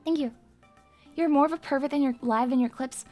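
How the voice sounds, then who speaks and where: High-pitched hyper woman streamer. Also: steady tone, fast, a little mellow, soft background music. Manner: hyper, rambling and crude. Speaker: VTuber streamer. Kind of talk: casual live-stream chat.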